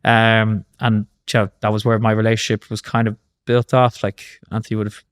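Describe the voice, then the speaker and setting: Smooth-voiced Irish man telling stories. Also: on the low side, fairly quick. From Ireland. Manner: animated storyteller, swears casually, many fillers. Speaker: guest, former rugby player. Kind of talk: casual storytelling interview.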